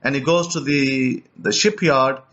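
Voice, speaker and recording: A man's voice: medium pitch, steady tone, unhurried, a bit bright, highs cut off. A man preaching in a storytelling way, retelling an account animatedly and often repeating or restarting his words. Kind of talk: storytelling teaching.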